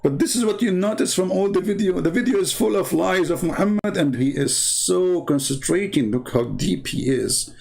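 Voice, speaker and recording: A man's voice: high-pitched, a little fast, vocal fry, hardly any pauses, a little mellow. A man with an Arabic accent, a native Arabic speaker, giving a sarcastic, exasperated casual commentary and telling mocking anecdotes. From Middle East. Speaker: online debater and channel host.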